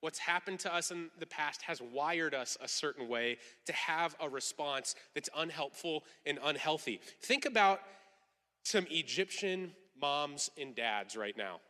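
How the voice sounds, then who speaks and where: A man preaching a sermon in an animated way, acting out quoted voices for emphasis. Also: on the high side, unhurried, long reverb tail. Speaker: pastor.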